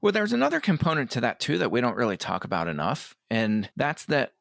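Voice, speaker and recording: Gravelly man, earnest interview guest. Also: mid-range voice, huge pitch swings, fairly bright tone, dry recording, clean studio sound. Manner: earnest, quotes others in quick asides. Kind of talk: conversational interview.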